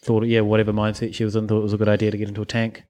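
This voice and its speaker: A man's voice: fairly low pitch, monotone, racing, darkish tone. A man co-hosting a podcast, chatting in a laid-back, hesitant way with ums and trailing phrases. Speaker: podcast co-host. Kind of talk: casual chat.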